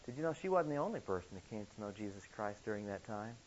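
A man preaching a sermon, telling a story earnestly, with sudden emphatic rises in pitch. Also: lively intonation, fast talker, a little hiss or hum. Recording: dull lo-fi recording.

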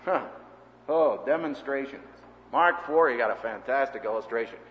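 A man teaching a seminary class in a sermon-style lecture, an animated storyteller who acts out the people he quotes. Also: medium pitch, normal speed, long reverb tail, dull audio, slight background noise.

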